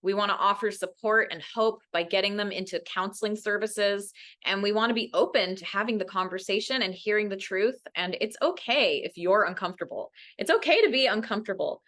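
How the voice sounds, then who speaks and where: Woman educator at a parent workshop; bright, earnest, animates quotes. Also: a little fast. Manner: earnest, often ends points with "right?"; acts out quoted voices with big pitch jumps. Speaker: mental health educator. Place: workshop room.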